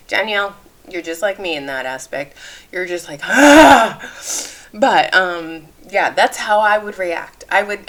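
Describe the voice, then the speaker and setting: A woman's voice: mid-range voice, pushed and bright. A woman hosting a channel, commenting candidly on a clip and giving safety advice in a chatty way. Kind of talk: reaction commentary.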